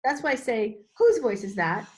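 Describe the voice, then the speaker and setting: A middle-aged woman speaks as a guest coach in an interview, her voice sitting a bit high. She talks expressively and acts out her inner voices, sometimes jumping to sudden high exclamations. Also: big pitch swings, normal speed. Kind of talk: animated interview talk.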